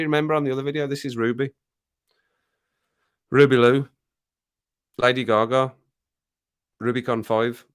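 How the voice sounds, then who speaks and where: At home with his cat, whom he baby-talks to, a middle-aged English livestream host chats casually, reads out viewer comments and laughs frequently. His voice sits in the mid-range and is a bit bright.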